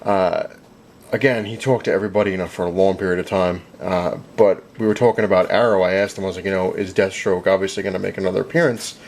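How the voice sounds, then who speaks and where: A man's voice: sits low, fairly even intonation, quick pace, gravelly, darkish tone. A young man chatting casually as a vlogger, rambling with lots of fillers and retelling conversations. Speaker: vlogger recapping a comic convention. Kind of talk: casual chat.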